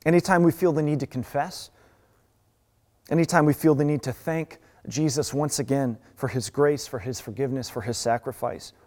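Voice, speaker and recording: A man of medium pitch preaching an earnest, emphatic sermon, now and then stumbling and restarting his words. His voice trails off into a long reverb, as in a church hall. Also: moderate pace, darkish tone. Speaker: pastor.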